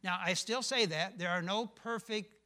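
A man's voice: high-pitched, moderate pace, sharp tone. An older male pastor preaching a sermon, emphatic, often asking the congregation questions.

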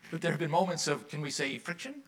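A man's voice: fairly high pitch, very animated, quick pace, noisy background. A man pastor preaching a conversational sermon in a church, asking the congregation questions and dropping wry asides.

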